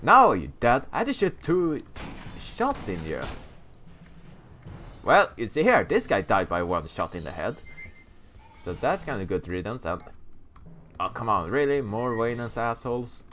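A man doing let's play commentary on a shooter game, excitable and joking, yelling at enemies. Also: medium pitch, a little slow, long pauses, a little hiss or hum. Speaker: gaming YouTuber.

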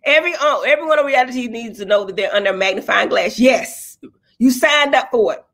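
Middle-aged woman, outspoken and blunt, casual livestream chat, high husky voice, curses freely. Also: a little fast, a bit bright. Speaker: dentist and reality TV personality.

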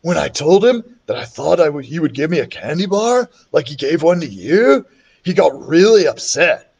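A mischievous young boy who brags and whispers conspiratorially, as a man puts him on for a storybook. His voice jumps high and sounds lively, with big swings of pitch. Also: normal speed, vocal fry, breathy edge, exaggerated voice. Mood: worried. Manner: eager, loud whispering. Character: bragging mischievous schoolboy Ryan.

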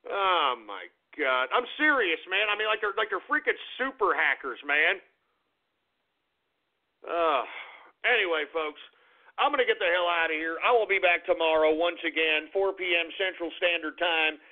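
A man's voice: high voice, moderate pace. Blustery ranting man on a tinny line. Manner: profane, blustery, repeats himself. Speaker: radio talk show host. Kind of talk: casual ranting radio monologue.

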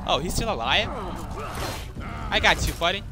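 A young man giving casual gameplay commentary, excitable and trash-talking, swearing often, as a gaming YouTuber. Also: high-pitched, normal speed. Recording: game music behind. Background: game music.

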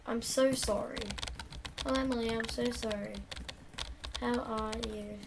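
A woman's voice: on the high side, fairly even intonation, a little slow, heavy background noise. A young woman casually reading typed chat lines aloud and adding chatty asides to the camera. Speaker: YouTuber playing a chat game. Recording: loud background music.

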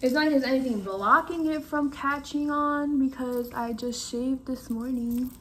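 A woman with a high, bright-pitched voice vlogs casually from home. She talks frankly and chattily to her viewers and often breaks into exclamations. A faint room hum sits behind her. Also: moderate pace. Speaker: vlogger. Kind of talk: casual vlog talking to camera.

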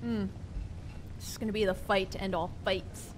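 A woman streaming a video game, chatting casually with her viewers and reacting excitedly to the fight. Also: medium pitch, moderate pace, noisy background. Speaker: gaming streamer. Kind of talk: casual live gameplay commentary.

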